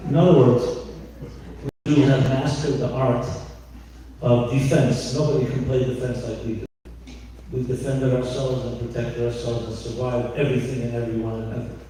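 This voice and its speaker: A man's voice: mid-range voice, fairly even intonation, moderate pace, mellow, a little hiss or hum. A man addressing a synagogue congregation in a conversational way, telling anecdotes with many ums and uhs. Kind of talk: speech to a congregation. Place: synagogue sanctuary. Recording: echoey hall, distant mic.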